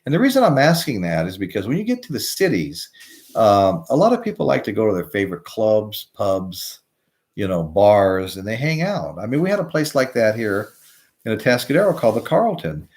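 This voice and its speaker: An older man hosts a live music show, chatting casually, reading out viewer comments and telling rambling stories that drift off topic. His lowish voice is sing-song and a little mellow, at a moderate pace.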